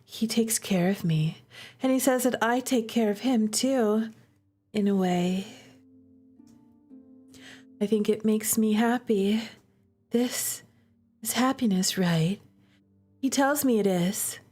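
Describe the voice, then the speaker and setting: A woman reading aloud as a weary young woman held captive, quiet and drowsy, slipping into whispers. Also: mid-range voice, slow, pauses often, breathy edge, soft background music. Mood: dazed, wistful. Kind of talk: reading game dialogue aloud.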